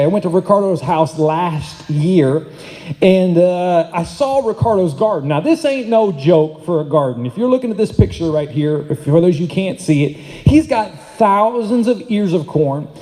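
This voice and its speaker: Pastor guy preaching, high mellow voice, jokey and energetic, big echoey church hall. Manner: energetic, joking, swings between loud and soft. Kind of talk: sermon. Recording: long hall reverb.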